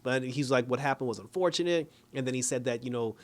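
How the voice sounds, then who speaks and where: A young man giving a casual, animated review of a TV episode, retelling scenes by quoting the characters and laughing often. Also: mid-range voice, fast talker. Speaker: TV show reviewer. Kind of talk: casual spoken recap and review.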